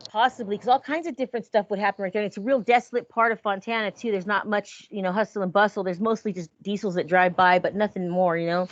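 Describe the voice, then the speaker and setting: A woman hosting a casual podcast chat, telling creepy stories in an animated way and acting out the voices in them. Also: medium pitch, quick pace, hardly any pauses, no room sound. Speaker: podcast host. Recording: dull lo-fi sound.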